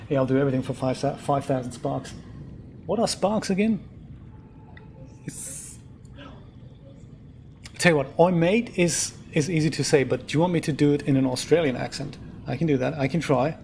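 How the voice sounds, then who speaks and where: A man hosting a live game stream, thinking out loud about what to craft and chatting back to his viewers as he plays. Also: on the high side, moderate pace, creaky, pauses often, a little hiss or hum. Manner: chatty, thinks aloud and answers viewer chat. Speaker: let's play host. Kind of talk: casual live gameplay commentary. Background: game music.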